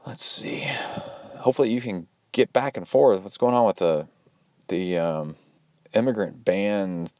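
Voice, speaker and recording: Rambling chatty man with a low voice. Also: unhurried, darkish tone, no room sound, studio quality. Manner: rambling and chatty, with many fillers and asides. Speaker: podcast host and triathlon coach. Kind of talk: casual solo podcast talk.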